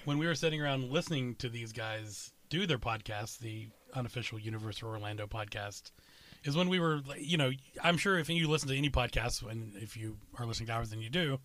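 A man co-hosting a family podcast in casual chat, talkative and quick to laugh. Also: mid-range voice, a bit bright. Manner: chatty, laughs easily, restarts mid-sentence. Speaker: podcast co-host.

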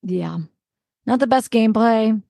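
A woman's voice: a little high, a little slow, vocal fry, dark tone, no room sound, clean studio sound. A woman co-hosting a casual podcast chat, talking in a reflective, chatty way with trailing fillers. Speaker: podcast co-host.

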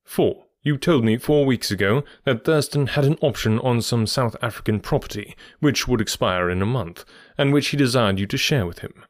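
A man's voice: medium pitch, no room sound, clean studio sound, close to an everyday voice. A man voicing a cool, lecturing detective. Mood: explaining. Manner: measured, faintly superior lecturing tone. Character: sharp, lecturing male detective, cool and precise.

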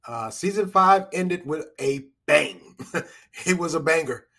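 A man talks through his solo podcast in an easy, rambling way. His voice sits a touch high for a man, and he circles back on his own phrases with little chuckles between thoughts. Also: expressive, takes it slowly, fairly bright tone. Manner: rambling, repetitive, chuckling asides. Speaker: podcast host. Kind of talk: casual solo podcast monologue.

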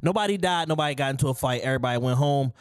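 A man's voice: mid-range voice, very fast, clean tone, no room sound, clean studio sound. An American man co-hosting a podcast, telling stories in a profane, laughing, casual way. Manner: profane, storytelling, laughs often. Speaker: podcast co-host. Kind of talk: casual chat.

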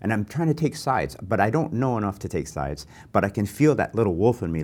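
Host: older man with a very low voice, animated and anecdotal, pokes fun at himself. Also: fast talker. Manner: animated, anecdotal, self-deprecating. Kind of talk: conversational interview.

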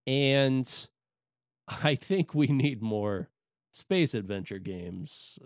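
A man with a mid-range, expressive voice speaks extremely slowly while co-hosting a podcast. He rambles casually about video games, full of fillers and restarts. The audio is clean studio sound with no echo.

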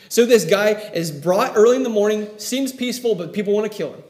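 Male preacher with a high voice, vivid storyteller, recorded in an echoey room. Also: normal speed, darkish tone. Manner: storytelling, acts out quoted lines. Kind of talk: sermon.

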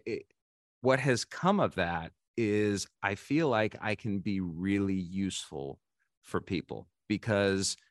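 A man in his forties with a low voice, speaking as a podcast guest in a dry room with little reverb. He tells candid, self-deprecating stories and often stops and restarts his sentences. The talk is loose and conversational. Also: fairly bright tone. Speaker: podcast guest, baseball insider. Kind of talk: casual interview storytelling.

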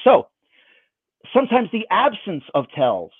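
A man's voice: high-pitched, huge pitch swings, a little slow, breathy edge, dry recording. A man performing magic for someone over a video call, with playful, self-mocking patter. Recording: dry, phone-like band.

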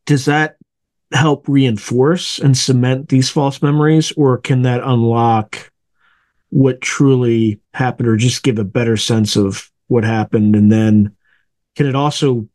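A man's voice: medium pitch, fairly even intonation, unhurried, a little mellow, no room sound. Man asking careful interview questions. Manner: thoughtful, searching for words while asking. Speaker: interview host.

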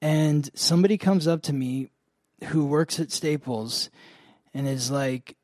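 A man's voice: on the high side, unhurried, a little mellow, dry recording. A man hosting an astrology podcast, telling a story in a casual, rambling way full of fillers. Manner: rambling, many "like" fillers, laughs often.

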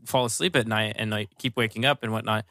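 A man's voice: fairly low pitch, steady tone, quick pace, pushed and bright, no echo, studio quality. A man co-hosting a casual podcast, musing in a rambling way with lots of fillers. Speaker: podcast co-host. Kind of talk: casual chat.

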